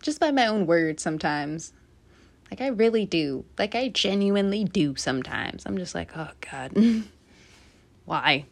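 A woman doing a casual tarot reading, animated and blunt, swearing freely and laughing at herself. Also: mid-range voice, normal speed, vocal fry. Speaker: tarot reader.

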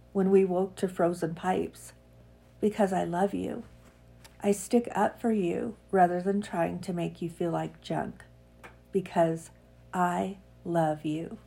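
A woman podcast host with a croaky voice, worn down by a cold. Her tone sits low and dark, with a husky, gravelly texture. She chats in a self-mocking way, then reads a heartfelt piece with emphatic feeling. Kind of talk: casual chat, then reading a piece aloud.

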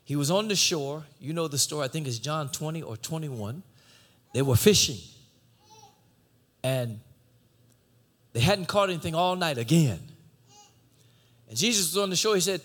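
A man preaching a sermon, swinging from shouted exhortation to low conversational teaching. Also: expressive, moderate pace, pauses often.

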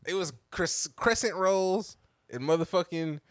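A man's voice: sits high, a little slow, dry recording. A man co-hosting a casual podcast chat, laid-back and profane, laughing often as he tells a story. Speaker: podcast co-host.

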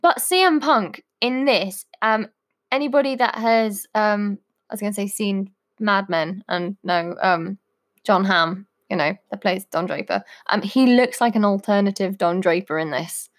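A woman's voice: medium pitch, unhurried. A woman co-hosting a casual podcast, giggly and teasing, often hesitating with "um". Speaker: podcast co-host. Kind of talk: casual banter.

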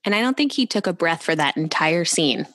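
A woman's voice: lowish voice, expressive, brisk, a bit bright, no room sound. A woman co-hosting a podcast, chatting casually about a TV show in a playful, blunt way. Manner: playful and blunt, laughs often. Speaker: podcast co-host. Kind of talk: casual chat recapping a TV show.

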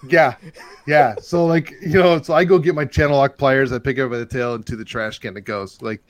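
Rambling, excitable male storyteller. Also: medium pitch, brisk, dry recording. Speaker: podcast host telling a story. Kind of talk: casual chat.

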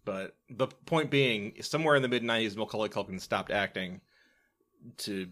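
A man's voice: lowish voice, moderate pace, a bit bright. A man co-hosting a movie podcast, chatting casually, often laughing mid-sentence and restarting his phrases. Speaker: podcast co-host.

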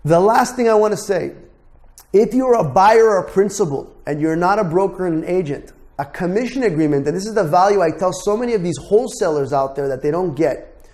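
A man's voice: high-pitched, animated, fairly quick, darkish tone. A man teaching real estate contracts as a broker, blunt and emphatic, swearing and repeating words to drive points home. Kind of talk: lecture to students.

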